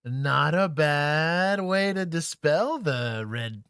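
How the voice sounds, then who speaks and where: A man's voice: on the high side, lively intonation, drawn-out words, very noisy. A man from Texas co-hosting a livestream, reacting to police bodycam footage with joking, wry commentary. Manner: joking, wry, laid-back banter.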